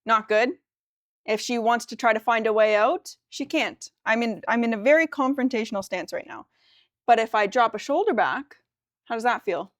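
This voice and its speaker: A woman co-presenting at a workshop, calmly demonstrating a technique and asking questions. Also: a little high, moderate pace, dry recording, studio quality.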